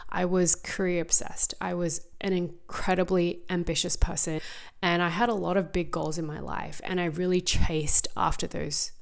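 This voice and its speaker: A young woman from Australia with a softened Australian accent, hosting a frank, confessional solo podcast with plenty of ums and likes. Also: fairly low pitch, flat delivery, moderate pace, gravelly. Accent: Australian, softened by US years. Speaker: podcast host. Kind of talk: candid solo podcast monologue. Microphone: seen on screen, talking to camera.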